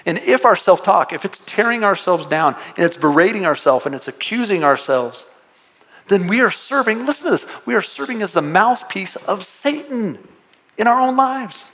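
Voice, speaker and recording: A man's voice: high-pitched, expressive, normal speed, a bit bright. A male pastor preaching a sermon to a live congregation, earnest and pleading, often repeating words and asking rhetorical questions.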